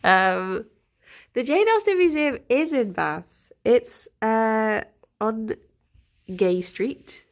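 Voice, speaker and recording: A young woman chats unhurriedly to her stream, her voice slipping into a gravelly fry at the ends of phrases. Her pitch rises and falls a good deal as she giggles and coos at her rabbits between thoughts. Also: expressive, drawn-out words. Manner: chatty and giggly, talking to her pet rabbits. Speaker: livestreamer. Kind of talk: casual chat to a live audience. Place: home, with pet rabbits.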